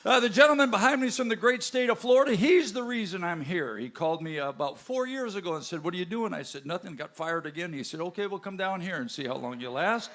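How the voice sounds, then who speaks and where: A man's voice: high-pitched, expressive, quick pace, hardly any pauses, fairly bright tone. A man hosting as bandleader, introducing the band on stage with folksy, joking banter to the audience at a live music show. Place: live music venue with a crowd. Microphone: stage microphone.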